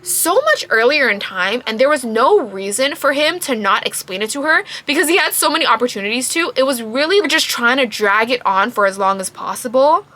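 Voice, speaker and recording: A woman giving a casual book review to camera, emphatic and quick to laugh. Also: on the high side, animated, sharp tone.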